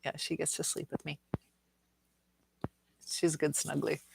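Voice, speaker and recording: A woman's voice: deep voice, monotone, a little slow, creaky, a little mellow, slight background noise. A woman from the Detroit area hosting a casual livestream at home, chatting with viewers, rambling with lots of fillers. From Detroit area, USA. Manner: rambling, chatty, many fillers, coos at her dog. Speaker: livestream host. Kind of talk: casual live chat reading viewer comments. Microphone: phone or webcam.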